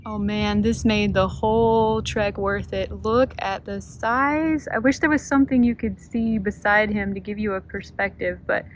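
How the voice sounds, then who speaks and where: A woman's voice: medium pitch, a bit bright, slight background noise, rough recording. A woman vlogging from a kayak on a creek, gushing and talking to her viewers. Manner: awed, gushing, talks to viewers. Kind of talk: kayaking vlog narration. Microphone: phone camera.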